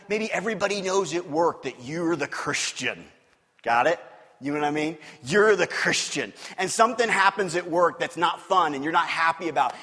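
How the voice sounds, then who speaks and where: Candid high-voiced male pastor preaching. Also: bright, forceful tone, husky. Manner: candid and conversational, with rhetorical questions. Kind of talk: sermon. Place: church sanctuary. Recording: long hall reverb.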